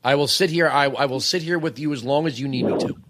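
Male radio host, gentle and halting, slightly high voice, consoling. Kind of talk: talk radio call.

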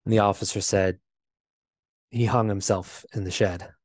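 Male interview guest, lowish voice, halting personal storytelling with lots of fillers, dry close sound. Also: steady tone, darkish tone, no echo. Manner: halting, repeats himself, many fillers.

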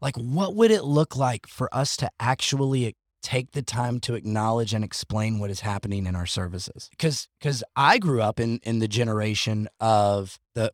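A man hosting a casual podcast discussion, talking in an animated, joking way with sarcastic asides. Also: medium pitch, moderate pace, few pauses, dry recording, studio quality. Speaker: podcast host.

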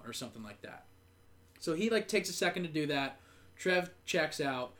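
A man with a voice pitched a little above usual tells a story on his sports podcast. He rambles in a chatty way and leans on filler words. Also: expressive, moderate pace, fairly bright tone. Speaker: podcast co-host. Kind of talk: casual sports chat.

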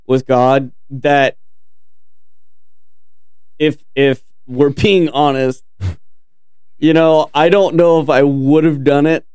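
A man co-hosting a casual faith discussion in a relaxed, joking, folksy way. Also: a little high, slow pace, pauses often, clear, resonant tone, dry recording, clean studio sound. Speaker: podcast co-host.

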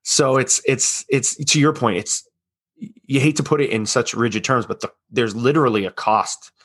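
A man's voice: medium pitch, fairly bright tone, breathy edge. A man working in sales, a podcast guest, chatting casually and telling anecdotes with a laugh.

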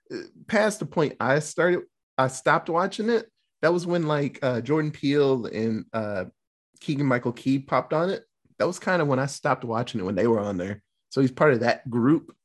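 A man co-hosting a podcast, reviewing a movie in casual chat, excitable and rambling, swearing freely. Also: mid-range voice. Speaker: podcast co-host.

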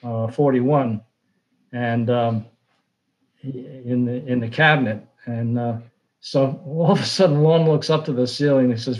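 An older sportswriter, telling rambling anecdotes full of fillers and restarts. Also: male voice, mid-range voice, a little slow, darkish tone, low-quality recording. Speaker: sportswriter guest. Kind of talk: casual storytelling.

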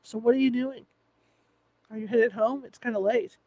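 A man voicing a sleepy, caring wife talking on the phone late at night, in a drowsy, gently reassuring way. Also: very high voice, steady tone, moderate pace, no echo, highs cut off. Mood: sleepy concern.

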